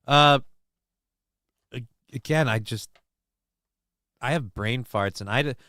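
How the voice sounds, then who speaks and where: A man's voice: mid-range voice, slow pace, sharp tone, dry recording, studio quality. A man hosting a casual livestream, rambling, swearing freely and poking fun at himself while reading chat. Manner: rambling, profane, self-mocking. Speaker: livestream host.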